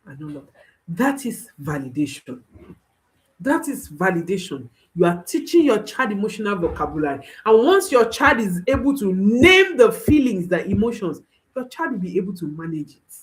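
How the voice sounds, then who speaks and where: A woman's voice: medium pitch, very animated, moderate pace, rough recording. A woman speaking as a parenting coach, giving an instructional talk and repeating key phrases for emphasis while reassuring listeners directly.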